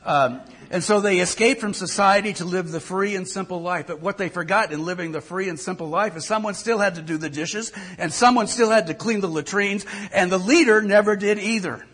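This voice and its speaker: A man's voice: sits high, a little fast, hardly any pauses, a bit bright, breathy edge. An older male pastor giving a conversational sermon, often repeating words as he thinks.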